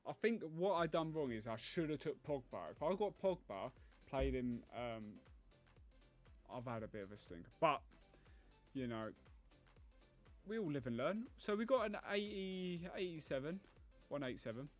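A man talking through a video game as he plays, thinking aloud, groaning and pleading at the screen. His pitch swings widely as he talks. Faint music plays underneath. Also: animated, moderate pace, pauses often. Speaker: gaming YouTuber. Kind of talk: live gameplay commentary.

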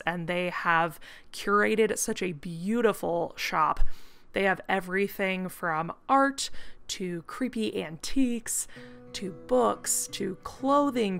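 A woman's voice: mid-range voice, vocal fry, fairly bright tone. A woman of about thirty narrating a travel vlog in an upbeat, gushing voice-over. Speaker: travel vlogger.

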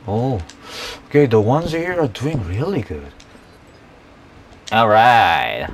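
Guy doing let's play commentary, excitable, keeps talking to the dinos, bit of faint hiss behind. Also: medium pitch, measured pace, long pauses. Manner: chatty and excitable, talks to the dinosaurs, laughs often. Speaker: gameplay YouTuber.

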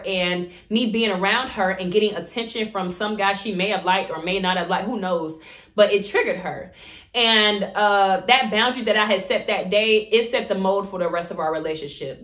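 Bright, animated woman telling a story. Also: medium pitch. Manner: animated storytelling, acts out quotes; laughs often. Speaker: vlogger. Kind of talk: storytime vlog.

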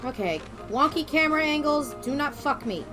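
Brief: an animated, foul-mouthed woman streamer, slightly higher voice, game music behind. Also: moderate pace. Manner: swearing, exasperated, animated reactions. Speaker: streamer playing a video game. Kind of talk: casual let's-play chat.

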